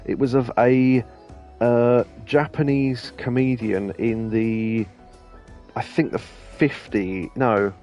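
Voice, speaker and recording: A man's voice: mid-range voice, steady tone, slow, dark tone, dull audio, faint music behind. A man chatting casually over gameplay, rambling through stories with many restarts and laughs. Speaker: let's play host.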